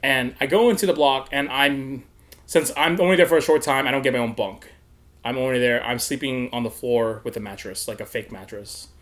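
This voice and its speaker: A young man chatting casually and telling a story, animated and profane, often laughing and acting out what people said. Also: medium pitch, fairly quick.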